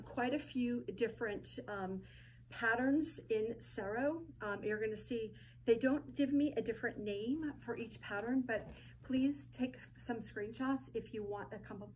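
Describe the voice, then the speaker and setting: A woman hosting a casual showcase of fabrics, effusive and gushing, often repeating her words and filling pauses with ums. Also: fairly high pitch, slight background noise, poor audio. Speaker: host presenting fabric collection.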